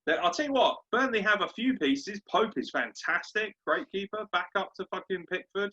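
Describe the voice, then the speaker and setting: Southern English man, podcast host, bright tense voice, husky, sweary rant, dull lo-fi sound. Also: high-pitched, normal speed. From southern England. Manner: sweary, animated ranting, puts on gruff voices. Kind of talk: casual sports podcast chat.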